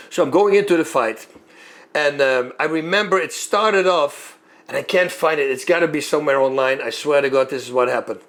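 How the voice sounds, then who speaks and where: A former fighter telling a long story in a lively way, acting out moves and sounds as he goes. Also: on the high side, normal speed. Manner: animated, acts out moves and sounds. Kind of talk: storytelling monologue.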